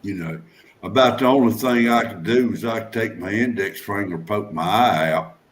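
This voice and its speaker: A man's voice: on the low side, normal speed, a little hiss or hum. A man chatting casually on a livestream, joking and teasing in a folksy way. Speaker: livestream guest. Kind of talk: casual chat.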